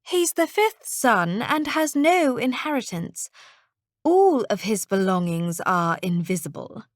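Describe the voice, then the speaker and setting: Brief: woman doing a haughty eldest princess for a storybook, slow, deliberate and authoritative. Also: on the high side, sing-song, no room sound, clean studio sound. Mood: dismissive. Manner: dismissive, commanding.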